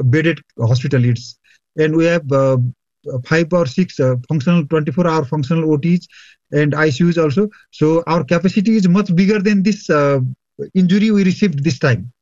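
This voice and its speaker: Halting man on a dull, dry line. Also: fairly high pitch, a little mellow, no echo. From Nepal. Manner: halting, many fillers. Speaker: hospital medical superintendent. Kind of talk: phone interview.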